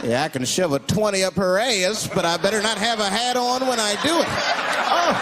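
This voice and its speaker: A man doing a stand-up comedy set in a club, animated and acting out characters in shifting voices. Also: sits high, normal speed, very noisy. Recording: live club set over loud crowd laughter. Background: audience laughing.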